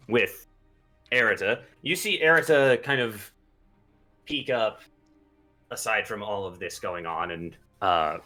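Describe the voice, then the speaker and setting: A man narrating a tabletop game as its game master, his pitch rising and falling freely. His voice is bright and sharp, and he takes his time, pausing on fillers. Soft music plays underneath. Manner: unhurried, with frequent filler pauses.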